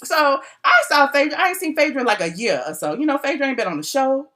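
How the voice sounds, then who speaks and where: Woman gossip blogger, fairly high, bright and forward tone, animated and chatty, self-recorded on a phone. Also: fast talker. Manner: animated, chatty storytelling with slangy asides. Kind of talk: casual live-stream gossip chat.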